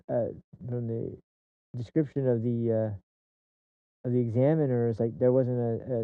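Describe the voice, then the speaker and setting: This man, a podcast host, speaks in a mid-range voice with no echo. His casual commentary is an off-the-cuff, rambling monologue packed with restarts and fillers, and he swears once heated. The recording is dry and tinny, like a phone.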